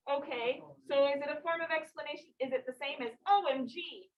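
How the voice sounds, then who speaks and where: A woman teaching a class, her voice pitched high and picked up from across an echoey classroom. She keeps the talk going with probing questions and frequent laughs. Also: a little fast, recorded from a distance. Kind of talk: class discussion.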